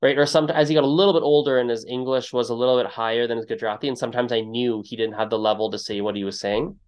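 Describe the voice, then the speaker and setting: A man hosting a casual podcast interview at an ordinary middle pitch. He tells stories in a loose, meandering way and acts out quoted lines with big leaps in pitch. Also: steady tone, very fast, darkish tone, smooth. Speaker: podcast host.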